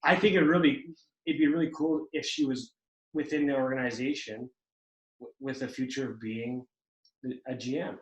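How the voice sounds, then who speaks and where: A man's voice: mid-range voice, fairly even intonation, normal speed, muffled recording. Male podcast co-host, casual hockey chat, jokey interrupter, echoey room. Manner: joking, interjecting, laughs easily.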